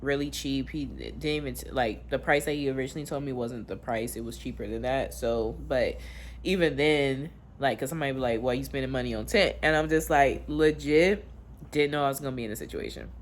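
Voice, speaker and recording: A woman's voice: rumbling low, brisk, slight background noise. A woman, talking candidly and emotionally in a rambling, casual confessional vlog, swearing freely. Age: 20s. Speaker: vlogger.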